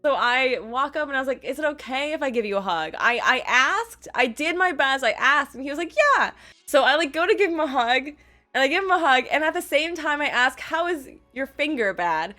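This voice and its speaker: A young woman telling a casual storytime vlog, bubbly and quick, full of "like" and acted-out quotes. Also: high-pitched, animated, pushed and bright, soft background music. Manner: bubbly, quick, lots of "like" fillers and quoted voices. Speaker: vlogger.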